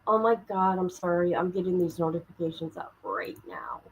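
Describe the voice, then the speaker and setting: A woman's voice: on the low side, big pitch swings, normal speed, lo-fi sound, slight background noise. A woman hosting her own livestream, chatting casually and greeting viewers by name while she fumbles with her setup. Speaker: livestream host.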